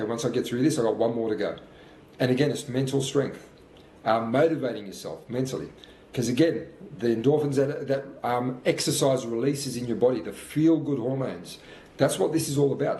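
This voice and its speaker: A man's voice: mid-range voice, a little fast, dark tone. A man in his fifties, out of breath between sprints, giving earnest, repetitive motivational talk in a workout vlog. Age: 50s. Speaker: fitness coach. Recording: roomy sound with faint background noise.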